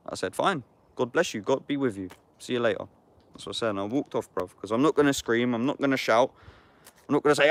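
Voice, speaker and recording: A man's voice: mid-range voice, fast talker, fairly bright tone, no room sound. Slangy man in a dry setting. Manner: slangy street talk, swears often, calls the listener "bruv". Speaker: YouTuber. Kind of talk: casual vlog, reading scripture and talking about it. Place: outdoors in the woods.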